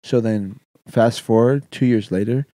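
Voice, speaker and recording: A man's voice: on the low side, unhurried, dry recording. Guy telling a wild story on a podcast, laughs a lot, dry close sound. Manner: animated storytelling, acts out quotes, laughs often. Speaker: personal trainer guest. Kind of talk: casual chat.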